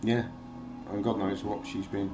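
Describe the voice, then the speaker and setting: A man's voice: lowish voice, level tone, a little slow, over music. A man in casual chat, rambling and agitated, swearing freely as he vents. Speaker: livestream host.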